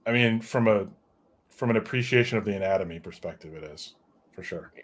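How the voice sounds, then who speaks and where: A man's voice: lowish voice, fairly quick, slight background noise. A man hosting a casual comic book discussion who rambles and drifts into side notes. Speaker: podcast host reviewing comics.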